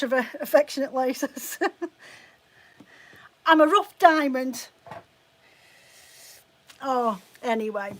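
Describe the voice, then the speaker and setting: A woman's voice: high voice, a bit bright. A middle-aged British woman who runs a fibre shop, chatting bluntly and casually on a live stream and swearing freely. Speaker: fibre shop owner hosting a live chat.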